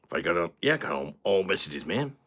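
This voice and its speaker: A man's voice: sits low, sing-song, fast, a bit bright, slightly rough, full character voice. A British man putting on a crude, cocky American character with a put-on American accent, swaggering and vulgar on a live stream. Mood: boastful.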